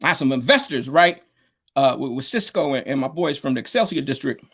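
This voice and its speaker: A man's voice: medium pitch, animated, a little fast, fairly bright tone, slightly rough. A man, a DJ and producer, telling stories in a casual interview, rambling with lots of fillers and slang over a video call. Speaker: guest, DJ and producer.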